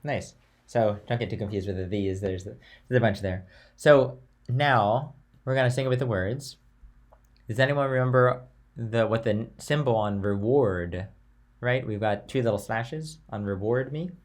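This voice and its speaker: A young man teaching a chant class in a relaxed, chatty way, switching between talk and sung note names and phrases. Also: medium pitch, normal speed.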